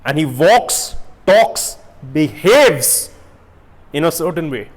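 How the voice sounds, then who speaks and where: A young man giving a casual motivational talk to camera, asking rhetorical questions and swinging from loud bursts to quiet asides. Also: on the high side, very animated, slow. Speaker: self-help YouTuber.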